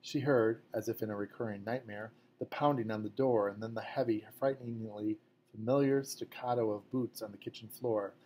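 Man narrating a novel, measured. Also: on the low side, fairly even intonation, warm tone, a little hiss or hum. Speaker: audiobook narrator. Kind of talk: scripted narration.

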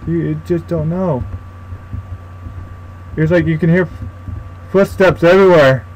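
A young man narrates his own horror game playthrough, scared and muttering to himself, swearing now and then. His voice sits a little high for a man. He talks slowly, drawing out his words. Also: a little mellow, rough recording. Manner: frightened, swearing, talking to himself. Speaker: gaming YouTuber. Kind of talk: horror game let's play commentary.

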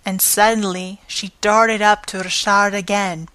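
A woman reads a classic novel aloud as an audiobook narrator, taking her time over every phrase. Her pitch sits in an ordinary middle range, and the recording is close and dry with no room sound. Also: little pitch movement, a little slow, a bit bright, no room sound.

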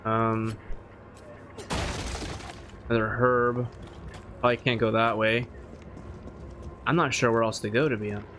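A man narrating his own horror game run, muttering plans and then shouting in panic when chased. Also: medium pitch, fairly even intonation, measured pace, pauses often, a little hiss or hum. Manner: swings from mumbled planning to panicked yelling. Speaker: gaming YouTuber. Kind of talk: let's play commentary.

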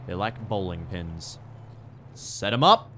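An Australian man giving casual, sweary gameplay commentary with sudden shouted outbursts. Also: mid-range voice, big pitch swings, unhurried, background noise. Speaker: gaming streamer.

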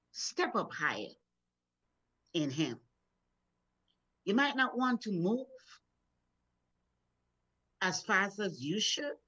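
A woman's voice: mid-range voice, husky. A middle-aged woman minister from Florida preaches a devotional sermon, encouraging her listeners and telling stories from her own life. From Florida, USA. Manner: encouraging, storytelling, repeats words when building up. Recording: dull lo-fi sound.

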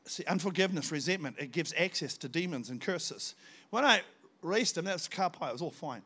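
An older visiting pastor delivers a sermon to a church congregation in a voice a little high for a man, slightly fast and edged with breathiness. He tells stories with animation, suddenly shouting when he acts out what was said.

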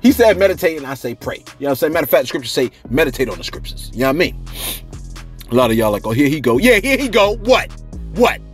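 A man's voice: fairly high pitch, quick pace, soft background music. A man hosting a celebrity gossip channel, chatting casually and telling stories with lots of laughter. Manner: animated storyteller, laughs often, acts out quotes. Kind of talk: casual commentary.

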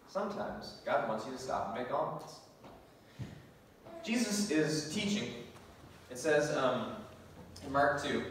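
A man's voice: medium pitch, a little hiss or hum. Man preaching in an echoey church. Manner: animated storytelling with laughs and scripture reading. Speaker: pastor. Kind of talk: sermon. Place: church sanctuary. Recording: echoey church hall from far off.

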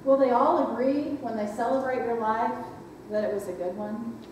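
A woman's voice: on the high side, normal speed, darkish tone, a little hiss or hum. Woman preaching in an echoing church. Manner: reflective, asks the congregation questions. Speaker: pastor. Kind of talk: sermon. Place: church sanctuary. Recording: echoey church hall from far off.

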